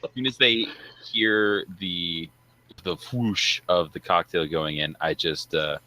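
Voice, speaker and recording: A man taking part in a tabletop role-playing game, with a very low voice that has a sharp, bright edge. He describes his moves eagerly, pausing on lots of "uh"s. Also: fairly even intonation, low-quality recording. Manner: eager, hesitant with many "uh"s. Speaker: player. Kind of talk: tabletop role-play chat.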